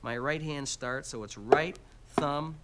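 Man teaching percussion over loud noise. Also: a little high, slow pace. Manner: explains step by step, counts out beats aloud. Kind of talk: instructional demonstration.

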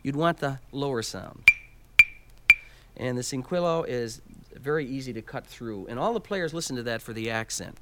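A man teaches percussion, explaining each instrument step by step and counting the rhythms out loud. His voice sits at an ordinary pitch for a man. A loud hiss of noise runs under the whole recording. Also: animated, normal speed. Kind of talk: instructional demonstration.

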